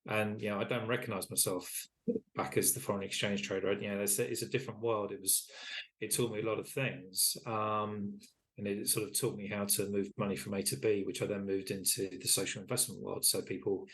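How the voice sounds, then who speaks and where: A man's voice: lowish voice, flat delivery, a little fast, fairly bright tone. A man in his fifties, a charity chief executive, giving articulate and reflective interview answers. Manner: articulate and reflective, with frequent "you know" fillers.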